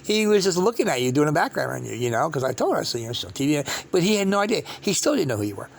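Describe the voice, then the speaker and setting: A man telling a long, rambling story to camera, halting and restarting his sentences again and again. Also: a little high, big pitch swings, creaky.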